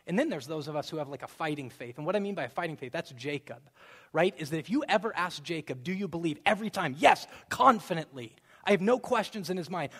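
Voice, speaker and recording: A man in his thirties preaching a sermon in a conversational way, with sudden loud emphasis and slowed, stretched words. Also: on the high side. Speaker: pastor. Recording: long reverb of a large hall.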